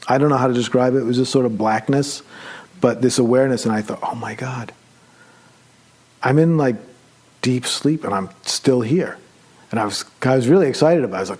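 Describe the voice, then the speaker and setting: A male meditation teacher telling a personal story during a retreat talk, conversational and animated as he acts out his own excited thoughts. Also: mid-range voice. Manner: relaxed, conversational, with many fillers.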